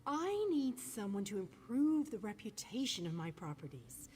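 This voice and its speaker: A woman's voice: medium pitch, sing-song, moderate pace, mellow, slightly rough, big-room sound. An actress playing a shrewd, businesslike woman innkeeper proposing a deal in a video game.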